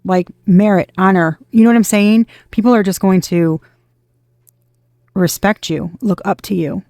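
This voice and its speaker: A woman with a low, gravelly voice and a dark, mellow tone delivers a casual tarot reading straight to her viewers. She talks emphatically, keeps circling back to the same points and swears without a second thought. The sound is dry and close, with no room around it. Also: fairly even intonation, measured pace, no echo. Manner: emphatic, repetitive, swears freely. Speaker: tarot reader.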